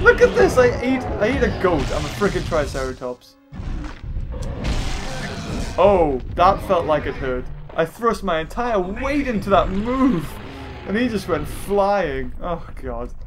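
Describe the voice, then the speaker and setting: A man giving rambling, excitable gameplay commentary as a let's play host, often laughing and shouting at the game. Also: high voice. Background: game music.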